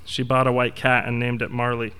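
A man's voice: medium pitch, level tone, a little fast, bright, forceful tone, clear, resonant tone. Young male reader, reflective and wry, clean resonant tone. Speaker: essay reader. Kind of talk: reading a personal essay aloud.

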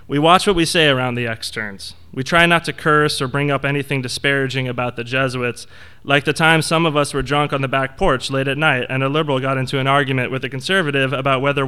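A man's voice: medium pitch, bright, forceful tone, smooth. A young man reading his personal essay aloud to an audience, wry and reflective. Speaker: essay reader.

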